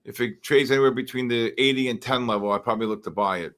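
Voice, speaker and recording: A man's voice: medium pitch, fast talker, a bit bright. A man hosting a live futures trading stream, rambling and exclamatory as he reads charts and greets the chat. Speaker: livestream trading host. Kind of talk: live market commentary.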